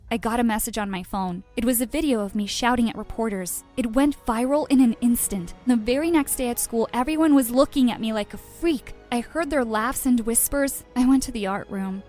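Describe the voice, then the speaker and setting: A woman's voice: fairly high pitch, a little mellow. Woman narrating a dramatic storytime. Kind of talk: first-person storytime narration.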